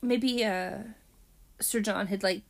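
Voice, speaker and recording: A woman recapping a TV mystery episode in casual chat, with many ums and animated asides. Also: medium pitch, takes it slowly, a crowd in the background. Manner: chatty, hesitant with frequent ums, animated retelling.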